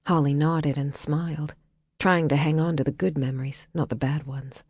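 A woman narrating an audiobook in a quiet, measured storytelling way. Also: low voice, fairly even intonation, breathy edge, dry recording, clean studio sound.

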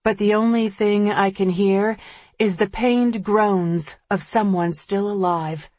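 A woman reading an audiobook in the first person, measured and tense. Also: mid-range voice, fairly even intonation, a little mellow, no room sound. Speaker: audiobook narrator.

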